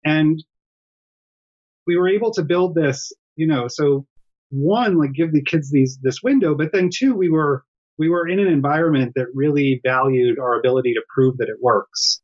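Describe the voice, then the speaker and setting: A man's voice: on the high side, moderate pace, a little mellow, muffled recording. A middle-aged man, a developmental psychologist, explaining his work earnestly as a guest in a remote interview from home. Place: home during lockdown.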